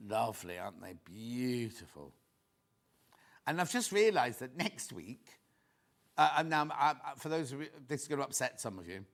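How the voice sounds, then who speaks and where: A man presenting on a TV shopping channel, chatting excitedly and tossing quick asides to viewers and crew. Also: medium pitch. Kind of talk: live TV selling chat.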